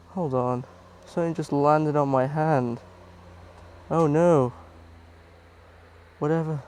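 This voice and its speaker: A man in a casual travel vlog, chatting excitedly as he explores underground ruins and caves. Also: fairly high pitch, slow, long pauses. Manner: chatty, excitable, jumpy about bugs. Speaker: travel vlogger.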